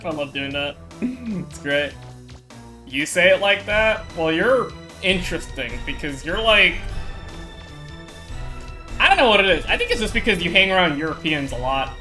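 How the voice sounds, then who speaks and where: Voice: mid-range voice, expressive, normal speed, long pauses, bright, forceful tone, soft background music. A player giving casual, rambling commentary over a video game, swearing freely and laughing often. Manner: laughing, profane, rambling asides. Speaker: let's play commentator.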